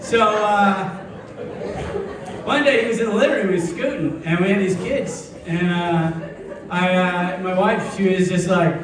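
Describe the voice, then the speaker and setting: A man doing a stand-up comedy set, telling stories deadpan and breaking into sudden high-pitched outbursts. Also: measured pace, slight background noise. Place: comedy club stage. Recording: echoey live club mic from a distance, audience. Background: audience laughter.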